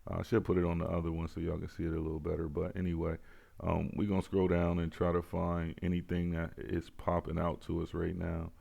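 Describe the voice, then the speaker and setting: Host, male, low gravelly voice, laid-back betting picks. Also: monotone, brisk, mellow. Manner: laid-back, talks to viewers, repeats phrases. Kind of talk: casual sports betting picks.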